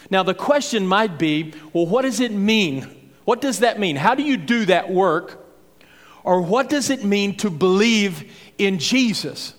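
This high-pitched, somewhat bright male voice belongs to a preacher working through scripture verse by verse. His expository sermon is folksy and conversational, with him performing the lines of both Jesus and the crowd. Long reverb from a hall trails his words.

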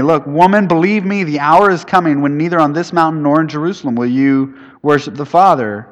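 A man preaching a casual sermon to students, often asking them questions and swinging from loud to soft. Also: fairly high pitch, moderate pace. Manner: conversational, asks the room questions, swings between loud and soft. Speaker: youth pastor. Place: church building. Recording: long hall reverb.

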